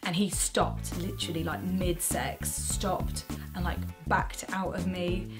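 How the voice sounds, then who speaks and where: A woman in her twenties, co-hosting a casual chat and telling a frank, animated story with plenty of swearing. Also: lowish voice, slow pace, over loud music. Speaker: co-host.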